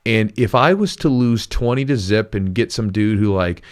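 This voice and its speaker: A man's voice: on the low side, normal speed. A man hosting a jiu-jitsu podcast, talking in an earnest, rambling way with frequent restarts. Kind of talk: casual podcast chat.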